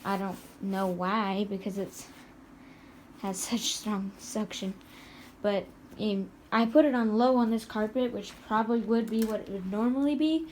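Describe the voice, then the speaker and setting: Slow-talking chatty woman reviewer. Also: mid-range voice, darkish tone, a little hiss or hum. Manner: chatty, rambling, many fillers and laughs. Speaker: product reviewer. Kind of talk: casual home review demo. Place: home, indoors by a carpet.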